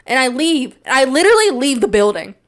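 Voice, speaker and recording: A young woman with a slightly high voice tells stories on her podcast in a loose, casual monologue. She rambles and pokes fun at herself, and her pitch leaps when she quotes someone. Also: big pitch swings, fairly quick, fairly bright tone. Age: young adult. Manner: self-deprecating, rambling, with big jumps in pitch when quoting. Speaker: podcast host.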